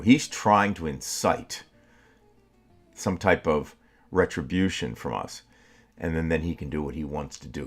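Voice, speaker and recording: Podcast co-host, male, low-voiced, heated and stumbling, swears freely. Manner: heated, halting with many restarts, swearing. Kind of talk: angry political talk.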